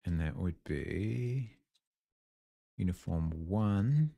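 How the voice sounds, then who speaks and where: A man's voice: lowish voice, lively intonation, extremely slow, gravelly, warm tone, dry recording, clean studio sound. A man in his forties with a New Zealand accent, musing aloud as he codes on a live stream and chats with viewers. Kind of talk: casual thinking-aloud coding stream.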